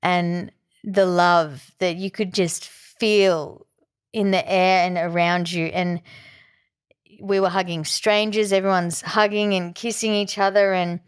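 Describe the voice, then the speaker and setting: A woman's voice: on the low side, steady tone, slow, smooth. A young woman, a musician guest, telling a personal story in an open, emotional way with lots of fillers. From Australia.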